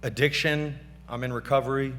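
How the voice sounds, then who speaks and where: Speaking briskly with fairly even intonation, a middle-aged man accepts an award at a gala, his mid-range voice fairly bright. He loosely thanks family and friends on a stage microphone, off-script and slangy. Faint music plays behind him, and the large banquet hall adds reverb and a faint hum.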